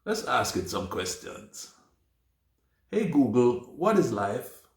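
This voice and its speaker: A man narrates a scripted science lesson at an unhurried, measured pace. He leans on key words for emphasis, and his pitch sits in an ordinary middle range. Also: very animated, roomy sound. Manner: slow, deliberate, emphatic delivery. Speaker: presenter of a religious science series.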